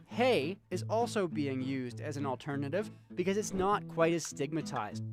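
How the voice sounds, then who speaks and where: A man narrates a feature story in a lively explainer tone. His voice sits a little high. A clear music bed runs beneath. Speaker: feature reporter. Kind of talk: scripted narration.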